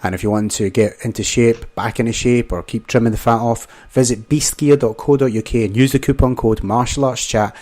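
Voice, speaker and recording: A man's voice: medium pitch, fairly even intonation, fairly quick, few pauses, darkish tone. A man hosting a casual panel show, reading sponsor spots and calling his guests mate. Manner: chummy, calls guests mate and amigo. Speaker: podcast host.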